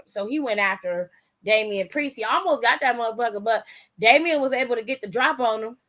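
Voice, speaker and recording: A woman talks through a wrestling aftershow in loose, casual speech. Her voice sits a bit high, and she is animated and swears freely. She keeps slipping into the wrestlers' lines to act them out. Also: fairly quick. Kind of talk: casual recap commentary.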